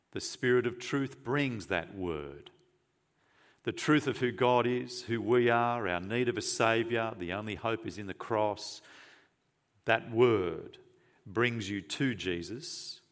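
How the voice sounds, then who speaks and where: A man preaching a sermon, earnest and emphatic, asking rhetorical questions and moving between forceful stresses and quiet, hushed phrases. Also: on the low side.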